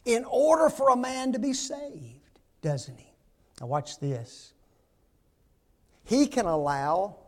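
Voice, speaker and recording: Man in his sixties, pastor delivering a sermon; high voice, measured delivery, emphatic and questioning. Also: a little mellow. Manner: emphatic, rhetorical questioning of the congregation. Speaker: preacher.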